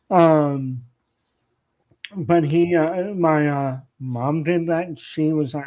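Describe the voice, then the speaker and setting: A man with a somewhat high voice, talking slowly as a podcast guest. He tells family anecdotes in an easygoing, meandering way and stops often to restart his sentences with fillers. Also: a little mellow. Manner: rambling, many fillers and restarts. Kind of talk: casual anecdotal storytelling.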